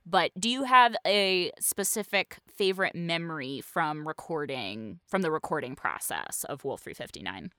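A woman's voice: deep voice, expressive, normal speed, few pauses, bright, forceful tone, dry recording, clean studio sound. A woman hosting a podcast, chatting casually and laughing often. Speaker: podcast host. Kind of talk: casual chat.

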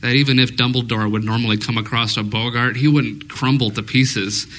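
A man's voice: mid-range voice, fairly even intonation, fairly quick, pushed and bright, rough recording. A man co-hosting a casual fan discussion before a live audience, rambling and thinking aloud with many fillers. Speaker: podcast co-host.

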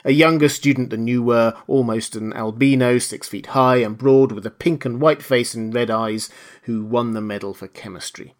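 A desperate, wounded invisible man , read by a male narrator, whose voice pushes with urgency. He pleads and threatens in the same breath, louder and sharper than calm narration. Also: mid-range voice, moderate pace, lightly acted. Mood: insistent.

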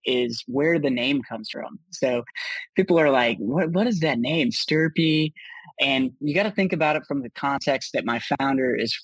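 A man's voice: medium pitch, slightly rough, no echo, poor audio. A man, a startup founder being interviewed, answering in an upbeat casual way with many restarts and fillers.

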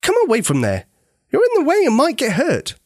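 A man voicing a brisk, protective mother who hollers at her son across a yard in a storybook. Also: very high-pitched, huge pitch swings, no echo, clean studio sound, voice pushed up, heavily acted. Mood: calling out.

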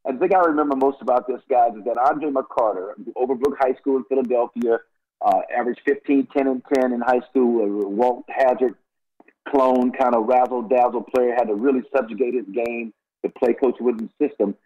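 A man's voice: medium pitch, steady tone, brisk. A man in his sixties from Los Angeles, a former college basketball player, telling stories as a radio guest, rambling with many repeated words and restarts. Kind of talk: casual radio interview storytelling. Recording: dull lo-fi radio audio.

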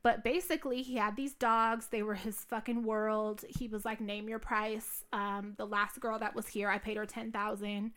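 A woman's voice: mid-range voice, flat delivery, normal speed, hardly any pauses, fairly bright tone. A young woman telling stories in casual, profane podcast chat, full of fillers. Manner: candid, profane, storytelling with many fillers. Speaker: podcast co-host.

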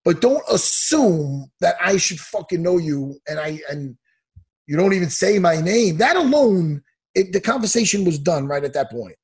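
A man's voice: sits high, big pitch swings, normal speed, breathy edge. A man, an MMA coach, chatting casually on a podcast, ranting heatedly and swearing a lot. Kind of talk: casual chat.

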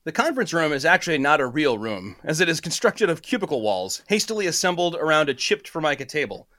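A man's voice: on the high side, big pitch swings, fast, pushed and bright. Playful man reading a comedic story aloud. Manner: playful, laughs between lines. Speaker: narrator.

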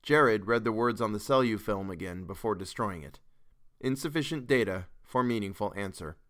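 A man narrating a science fiction story in a measured, expressive reading. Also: fairly low pitch. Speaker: podcast reader.

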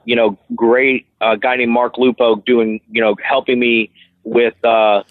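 A man's voice: medium pitch, little pitch movement, unhurried, no echo. A man telling stories as an interview guest, rambling with many restarts. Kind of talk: casual interview storytelling. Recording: dry tinny phone-like line.

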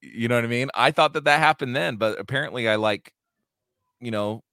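A man's voice: medium pitch, fairly quick, sharp tone, smooth, dry recording, clean studio sound. A man in his thirties with an American accent, co-hosting a podcast in casual chat, swearing a lot and laughing often. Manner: calls everyone dude. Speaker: podcast co-host.

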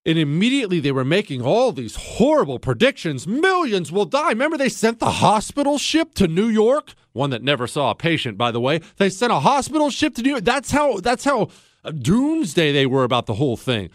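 A man's voice: high voice, wildly swooping pitch, fairly quick, no room sound, clean studio sound. A middle-aged man hosting a political talk show, indignant and sarcastic in his commentary. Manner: indignant and sarcastic, voices mock quotes. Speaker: podcast host.

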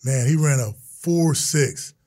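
A middle-aged man from Texas, a retired football player, telling stories as a guest in an animated, exclaiming way. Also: fairly high pitch, takes it slowly, no echo, clean studio sound. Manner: animated, exclaiming, acts out quotes. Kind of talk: storytelling in casual chat.

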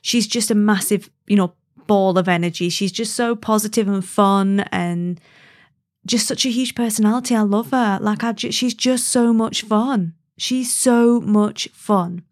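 A woman's voice: medium pitch, unhurried. A woman hosting a podcast in casual chat, bubbly and gushing, laughing often. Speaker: podcast host.

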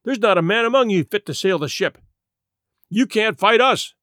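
A stern, unbending ship's captain in a storybook reading, laying down ultimatums in a clipped, commanding way, as a man acts him out. The voice sits high and moves a lot, recorded close and dry. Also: expressive, moderate pace, a bit bright, no echo.

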